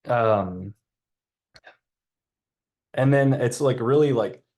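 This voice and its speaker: A man giving a casual sales training on a video call, talking in a relaxed, chatty way and acting out sales lines. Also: medium pitch, very slow. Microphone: computer mic on a video call.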